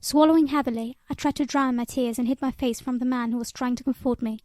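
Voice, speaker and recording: Woman reading a story aloud, high voice, dry close sound. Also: steady tone, fast talker, hardly any pauses, darkish tone, dry recording. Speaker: audiobook reader.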